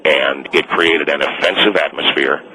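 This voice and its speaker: A man's voice: very deep voice, steady tone, moderate pace, bright, forceful tone, exaggerated voice, low-quality recording. A man playing an indignant, fired mall Santa on a radio call-in, stubborn and self-righteous, rambling with restarts. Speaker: caller.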